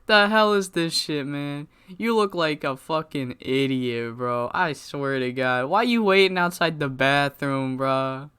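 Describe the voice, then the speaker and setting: A man voicing a swaggering male wrestler who bullies and trash-talks in a slow, profane drawl. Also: fairly high pitch, bright, forceful tone, smooth. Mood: taunting.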